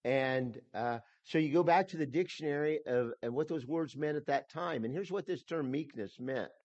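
A man's voice: fairly high pitch, moderate pace, darkish tone, no room sound, lo-fi sound. A man preaching an expository sermon, emphatic and repeating himself, with frequent restarts. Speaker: pastor.

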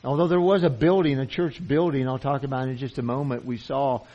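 A man's voice: medium pitch, fairly even intonation, fairly quick. A man preaching a sermon, earnest and emphatic, who often repeats himself as he presses a point. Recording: dull lo-fi sound.

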